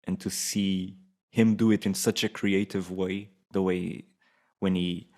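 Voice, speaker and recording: Man, very deep, even monotone, relaxed film chat. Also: measured pace. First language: Portuguese. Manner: relaxed, thoughtful, with frequent restarts. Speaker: podcast co-host. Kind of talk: casual film-review chat.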